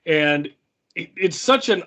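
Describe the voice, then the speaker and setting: A man's voice: fairly high pitch, lively intonation, slow, fairly bright tone. A man co-hosting a podcast, chatting casually and enthusiastically about a film, laughing often. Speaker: podcast co-host.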